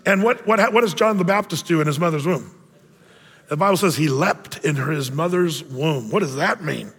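A pastor delivers a sermon in a high, lifted voice, loose and joking. He keeps things conversational, sometimes doing playful voices for Bible figures. His voice is expressive, a bit bright and slightly rough at a moderate pace, trailing off into a long hall reverb.

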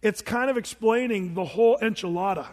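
A middle-aged man preaching a sermon as pastor, animated and acting out the voices he quotes. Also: sits high, brisk. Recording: long hall reverb.

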